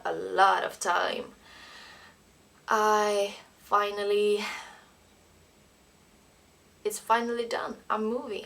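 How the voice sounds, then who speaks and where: Earnest young Swedish woman with gravelly fry. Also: medium pitch, fairly bright tone. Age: 20s. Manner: emotional, earnest, non-native phrasing with frequent fillers. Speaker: vlogger. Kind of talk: personal storytelling vlog. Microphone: camera mic.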